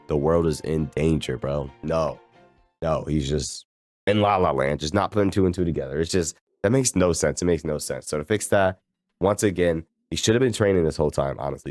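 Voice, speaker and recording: Low-voiced young man ranting over game music. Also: a little mellow, dry recording, clean studio sound. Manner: slangy, exasperated, rambling. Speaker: game streamer. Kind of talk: casual rant while gaming. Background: video game music.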